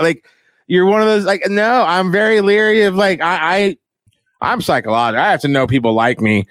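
A man's voice: fairly quick, fairly bright tone, no room sound. A young man talking in a crude, rambling, profane casual chat. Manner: crude, rambling, profane, mimics others in high voices.

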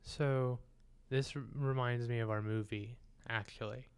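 A man's voice: medium pitch, steady tone, unhurried, smooth. A man co-hosting a film podcast, telling stories and joking in casual chat. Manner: storytelling, joking. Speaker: podcast co-host.

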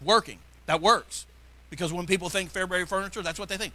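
A middle-aged man preaching a sermon as pastor, fervent, shifting between loud exhortation and quiet asides. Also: high voice, fast talker.

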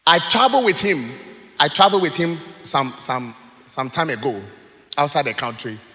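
A man preaching, telling stories in an animated way and laughing as he goes. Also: on the high side, moderate pace. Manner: animated, laughs while telling stories, acts out quoted voices. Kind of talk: sermon with storytelling. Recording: long hall reverb.

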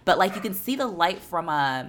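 A woman's voice: lowish voice, moderate pace, a little hiss or hum. A woman co-hosting a podcast, retelling a film in a casual, laughing, profane chat. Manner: animated, laughing storyteller, swears freely. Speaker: podcast co-host.

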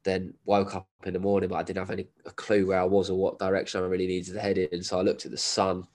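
A deep, low-pitched man, spinning a story casually for a podcast. He swears freely, drops laddish slang, and sounds like he is nursing a cold. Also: monotone, fast talker, darkish tone. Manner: swearing, laddish slang, laughs while telling. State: has a cold. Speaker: guest, endurance runner.

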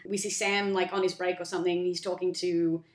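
A woman chatting casually as a co-host, telling a story and acting out the characters' lines in quick voices. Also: on the low side. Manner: animated, acts out characters' lines in quick voices, swears freely. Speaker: podcast co-host pitching a film story. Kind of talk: casual chat. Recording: roomy echo.

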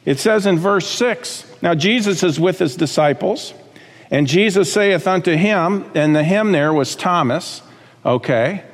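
A man's voice: sits high, animated, unhurried, big-room sound. A man preaching a sermon as pastor, talking conversationally with asides and checking in with the congregation.

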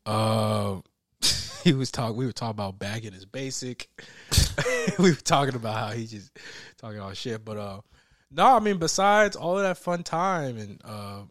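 A man co-hosting a casual chat, telling stories with loud laughing outbursts and mimicked voices. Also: mid-range voice, no echo, studio quality. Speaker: podcast co-host.

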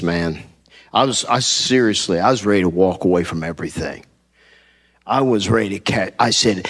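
A man pastor preaching a sermon, telling a personal story with animated delivery and acting out conversations. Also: fairly low pitch. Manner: animated, acts out conversations, laughs at himself. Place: church sanctuary.

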